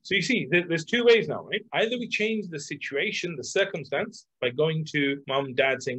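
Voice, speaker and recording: A middle-aged man, a coach, talking casually about self-love with lots of fillers and lively examples. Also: fairly high pitch, moderate pace, few pauses, breathy edge. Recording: dull lo-fi sound.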